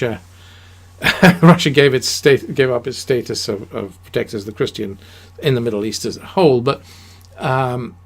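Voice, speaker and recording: A man's voice: mid-range voice, vocal fry, a bit bright. A man giving an unscripted history talk, rambling and emphatic, with many fillers and restarts. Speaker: history lecturer.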